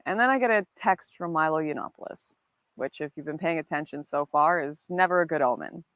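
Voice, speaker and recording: A woman narrating a documentary about her own experiences, telling events in a measured way. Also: low-pitched, a bit bright, no echo. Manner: measured storytelling, voices others' words in quotes.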